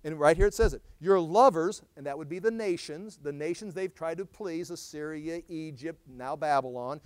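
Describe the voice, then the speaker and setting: A man teaching a Bible study as a pastor, reading scripture aloud and acting out the prophet's and God's words with sudden loud emphasis. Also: fairly high pitch, moderate pace, clean tone, no echo. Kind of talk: sermon.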